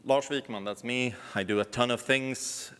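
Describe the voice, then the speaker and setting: A man's voice: medium pitch, steady tone, normal speed, a bit bright, smooth, long reverb tail. A man from Sweden giving a technical talk at a conference, with dry, wry humor. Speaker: conference speaker. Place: large conference hall.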